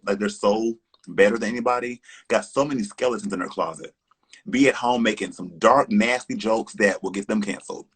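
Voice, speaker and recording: Sassy drag queen guy going off on a live stream, husky low-ish voice, swears a lot. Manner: defiant, sassy, heated, swears often, many "like"s and "honey"s. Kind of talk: ranting live stream monologue.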